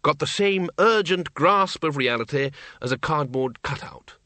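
A man's voice: on the high side, expressive, measured pace, sharp tone, no room sound, pitched above the performer's own voice. A man voicing a pompous, blustering male Arch-Chancellor of a wizard university in a storybook reading. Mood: bluff.

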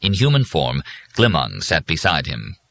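A man narrating an audiobook in an even, measured storytelling manner. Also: extremely low pitch. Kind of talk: scripted narration.

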